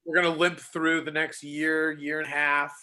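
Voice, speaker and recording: A man's voice: fairly high pitch, flat delivery, normal speed, bright, forceful tone, smooth. A man co-hosting a podcast, making easygoing, joking asides in casual chat.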